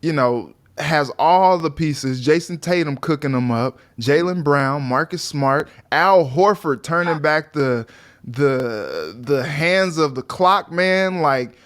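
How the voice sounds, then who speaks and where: A man co-hosting a sports talk show, chatting casually and animatedly. He often slips into playful quoted voices for players. His voice sits a bit high for a man. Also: expressive, takes it slowly, fairly bright tone. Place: sports office studio.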